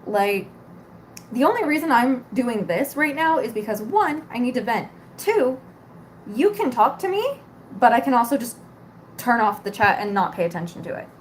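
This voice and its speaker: A woman's voice: on the high side, big pitch swings, normal speed, a little hiss or hum. A woman in her twenties ranting casually, exasperated, sarcastic and full of swearing. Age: 20s. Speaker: cosmetics store worker. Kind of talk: casual venting rant.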